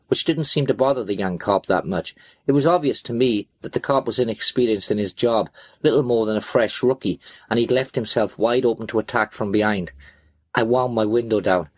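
A man narrates a gritty first-person crime story in a tense, blunt, expletive-laden voice. His pitch sits in a middle range. The recording is close and dry, with no room sound. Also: dry recording. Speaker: audiobook narrator.

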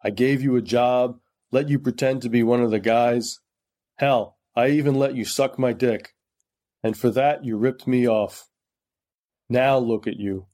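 A cruel crime boss who taunts his victims and threatens them quietly, in no hurry at all, as a man reads him. The voice is mid-pitched and even. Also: a little slow, natural voice. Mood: quietly menacing.

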